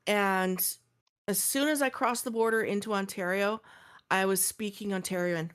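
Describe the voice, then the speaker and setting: A woman's voice: medium pitch, normal speed, fairly bright tone, smooth. A woman from Canada with a neutral West Coast Canadian accent, telling stories in casual podcast chat as co-host. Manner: storytelling, acts out quoted dialogue.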